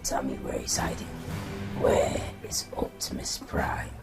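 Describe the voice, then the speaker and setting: A man voicing a menacing male robot warlord in a low, whispery growl. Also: a little slow, music in the background, natural voice.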